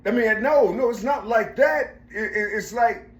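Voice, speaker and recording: A middle-aged man's voice sits high and moves at an unhurried pace. Speaking in an echoey room, he drifts through a profane personal story, repeating himself and searching for words, with "you see" coming up constantly.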